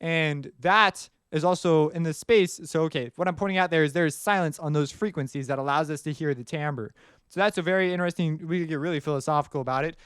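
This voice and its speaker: A man's voice: a little high, fast, a bit bright, clear, resonant tone, no echo, clean studio sound. A man teaching music production in a casual, rambling way, often singing rhythms aloud as he explains. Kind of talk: screen-recorded tutorial explanation.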